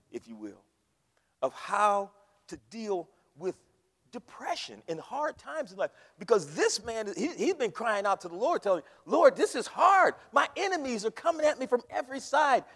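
A man preaching a fiery sermon in a church, leading the congregation in call and response. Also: sits high. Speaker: pastor. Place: church sanctuary. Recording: long hall reverb.

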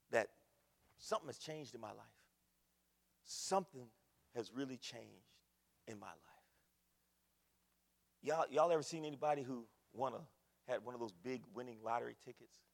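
A man preaching a sermon, dropping to hushed storytelling and rising to loud preaching. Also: medium pitch, gravelly, big-room sound. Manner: folksy, addresses the congregation as y'all.

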